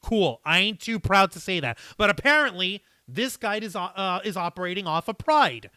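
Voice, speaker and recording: A man hosts a live stream in a casual, profane and rambling way, reacting to viewer comments. His voice sits high and bright, with a smooth, clear tone. The sound is dry and close. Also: very animated, normal speed, no echo.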